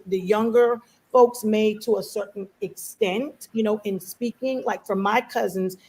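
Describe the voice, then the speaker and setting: A woman's voice: mid-range voice, husky, rough recording. A chatty woman panelist from a Belizean-American family. She tells her stories animatedly and packs them with fillers. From United States, Belizean family. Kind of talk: casual panel discussion.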